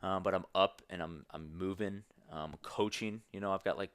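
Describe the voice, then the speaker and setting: A young man with a very low voice speaks as a guest on a podcast, earnest and rambling as he circles back and restarts his thoughts. The sound is close and dry, with no room echo. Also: steady tone, normal speed, fairly bright tone. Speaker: podcast guest, strength coach. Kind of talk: candid conversational interview.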